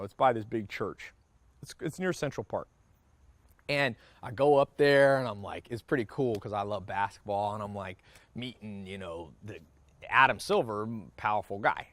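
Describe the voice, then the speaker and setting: A man's voice: mid-range voice, no room sound. A man talking in a blunt, profane, casual rant that jumps between topics, like a motivational speaker venting to listeners. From United States. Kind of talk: casual ranting monologue.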